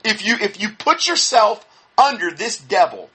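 A man giving critical religious commentary in a sarcastic, indignant, scoffing manner, with a husky voice. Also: high voice, big pitch swings, moderate pace, pushed and bright.

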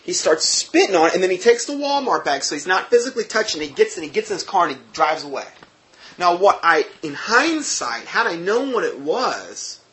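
Male storyteller, slightly high voice, emphatic personal testimony, restarts mid-sentence. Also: brisk. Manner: animated, emphatic, with frequent restarts.

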